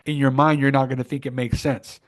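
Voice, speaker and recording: Podcast guy coaching listeners, earnest and punchy, mid-pitch everyday voice. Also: little pitch movement, brisk. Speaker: podcast co-host. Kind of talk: casual motivational chat.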